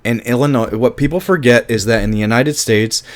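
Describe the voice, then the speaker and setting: A man's voice: mid-range voice, brisk. A man in the middle of his range talks through a film he loves in a casual review monologue. He is emphatic and heated, swears freely, and keeps restarting his sentences as his feelings run ahead of his words.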